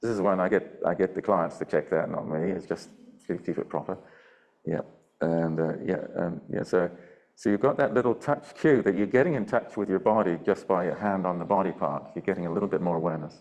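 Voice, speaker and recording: An older man teaching a Pilates class over a video call, giving gentle step-by-step breathing and movement cues and checking in often. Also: low-pitched, fairly quick. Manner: calm, gentle cueing with frequent check-ins. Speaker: Pilates instructor. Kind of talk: live online class instruction.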